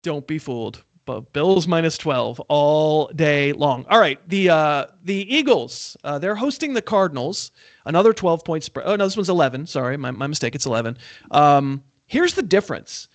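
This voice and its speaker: Animated man hosting a sports betting chat. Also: a little high, normal speed, no room sound. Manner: animated, chuckling, self-deprecating. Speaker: sports betting podcast host.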